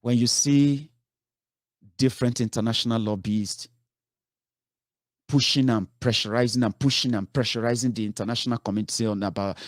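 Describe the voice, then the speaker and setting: A man's voice: mid-range voice, dry recording, clean studio sound. A man giving a heated political commentary, scolding his listeners with rhetorical questions and swearing.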